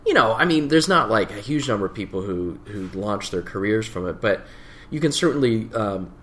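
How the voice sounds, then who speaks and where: A middle-aged man chatting as a guest, talking haltingly with lots of fillers and restarts. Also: fairly low pitch, expressive, a bit bright. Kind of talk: casual conversational interview.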